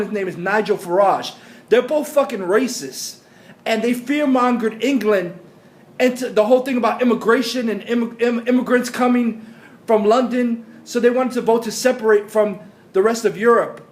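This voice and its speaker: A man's voice: high voice, reverberant. A man vlogging a profane, agitated political rant with blunt, repetitive phrasing. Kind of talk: ranting commentary.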